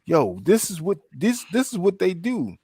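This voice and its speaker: A man, hosting a casual podcast chat and telling a lively story, acting out the quotes. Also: moderate pace, breathy edge, dry recording. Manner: animated storytelling, acts out quotes with big pitch jumps. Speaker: podcast host.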